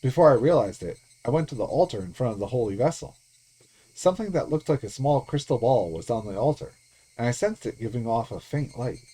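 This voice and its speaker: A man's voice: mid-range voice, fairly quick, husky. A man streaming himself reading a visual novel aloud, narrating in first person. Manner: steady storytelling read-aloud.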